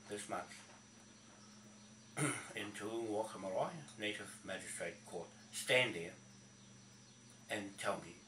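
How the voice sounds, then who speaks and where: A man's voice: lowish voice, sharp tone. A man with a New Zealand accent, delivering a combative, swearing rant aimed at someone he calls out by name. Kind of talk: angry rant to camera. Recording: echoey, from a distance, faint noise.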